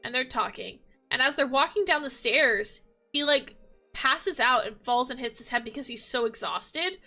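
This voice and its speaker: A woman gaming vlogger chats casually, gushing and rambling with plenty of fillers. Her voice is high-pitched, bright and pushed, at a moderate pace, with faint music playing behind her.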